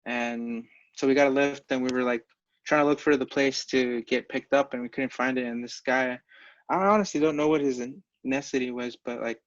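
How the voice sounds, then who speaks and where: A man's voice: medium pitch, fairly even intonation. Hesitant man on a dull lo-fi recording. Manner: halting, filler-heavy storytelling with frequent laughs. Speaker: podcast co-host. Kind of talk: casual chat.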